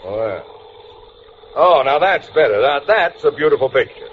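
A man's voice: on the high side, lively intonation, moderate pace, lightly acted. A man playing a sarcastic portly radio-comedy husband. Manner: dry, sarcastic jokes. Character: portly, sarcastic middle-aged husband friend. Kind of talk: 1940s radio comedy acting. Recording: dull, hissy old radio broadcast.

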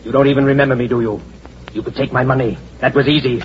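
A man's voice: medium pitch, steady tone, fast talker, a little hiss or hum, lightly acted. An actor playing a desperate, furious male investor demanding his savings back, in 1940s radio acting on a dull lo-fi old radio recording. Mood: angry. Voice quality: tense, demanding. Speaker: swindled stockholder.

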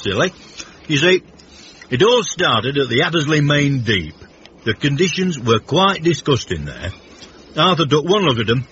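A man's voice: medium pitch, a bit bright. An actor playing a genteel, pompous middle-aged man in a radio comedy, speaking in an affected, prissy, theatrical way. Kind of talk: 1980s radio comedy acting. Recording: dull, faintly hissy radio recording.

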